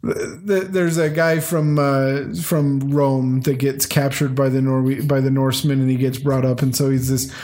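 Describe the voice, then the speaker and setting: A man's voice: mid-range voice, flat delivery, normal speed, few pauses, a little mellow. A man in casual chat, rambling and acting out scenes from a show he loves. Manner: rambling, acts out scenes in quoted voices.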